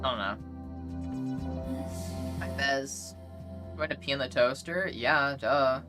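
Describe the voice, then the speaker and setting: A woman's voice: very deep voice, takes it slowly, over music. A young woman streamer ranting in a rambling, profane, exasperated way as she chats and reads her chat. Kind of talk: casual livestream rant, reading chat.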